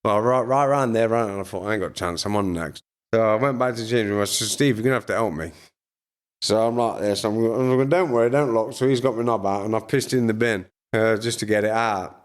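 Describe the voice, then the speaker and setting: Low-voiced man telling laughing stories. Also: fast. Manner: chatty, crude, laughs through his stories. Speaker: podcast guest, former pro boxer. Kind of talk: casual storytelling chat.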